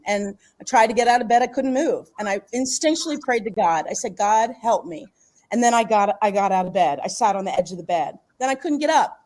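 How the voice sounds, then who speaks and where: Middle-aged philly-area woman telling a story, kinda high voice, laughs a lot, acts out the quotes. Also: a little mellow, rough recording. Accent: Philadelphia area. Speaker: podcast guest. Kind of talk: casual storytelling.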